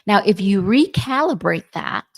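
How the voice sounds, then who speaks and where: Very animated at a moderate pace, her mid-range voice carries a casual podcast chat she co-hosts. She's in her forties and habitually checks in with "right?" at the end of points.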